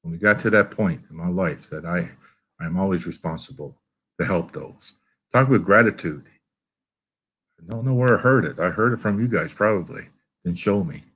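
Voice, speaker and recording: A middle-aged Canadian man, a guest at a recovery meeting, tells recovery stories casually in a deep, slightly rough, somewhat bright voice at a moderate pace. Earnest and folksy, he quotes people in raised voices.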